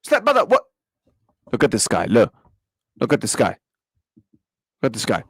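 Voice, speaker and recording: A man's voice: medium pitch, wildly swooping pitch, moderate pace, vocal fry, husky, no room sound, studio quality. A young man, ranting angrily at a football match and at viewers in his chat, repeating himself and swearing. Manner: angry, repetitive, swearing, talks back to chat. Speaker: football reaction streamer. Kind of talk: live match reaction rant.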